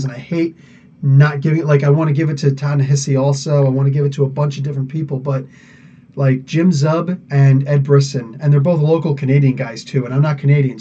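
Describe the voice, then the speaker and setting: Man hosting live podcast, rambling, laughs a lot, somewhat high voice, dull audio from a bit far off. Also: warm tone. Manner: rambling, chatty, laughs often, many fillers. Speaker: podcast host answering live chat. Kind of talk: casual live-stream chat.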